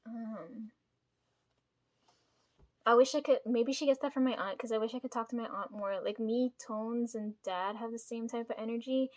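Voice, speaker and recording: A young woman talks straight to her own camera in a loose, rambling vlog. Her voice sits a bit high for a woman, and she fills the gaps with "like" and "right?" and swears without a second thought. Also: measured pace, long pauses. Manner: rambling, swears freely, many fillers and tag questions. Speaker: vlogger. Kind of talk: casual personal vlog storytelling.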